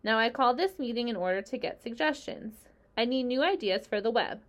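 Charlotte, a crisp spider voiced by a woman. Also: a little high, expressive, brisk, voice pushed up, natural voice. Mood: brisk. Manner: crisp, dry, a little stern. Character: calm, clever female spider leading a meeting.

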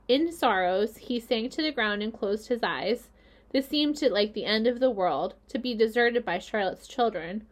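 A woman reading a children's novel aloud in a gentle storytelling voice. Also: mid-range voice. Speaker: reader.

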